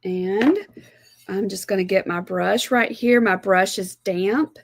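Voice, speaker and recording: Slow-talking Southern woman teaching painting. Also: medium pitch, steady tone, gravelly. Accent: Southern American. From South Alabama, USA. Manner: chatty, homey, explains step by step. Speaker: art instructor. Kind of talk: live watercolor demonstration.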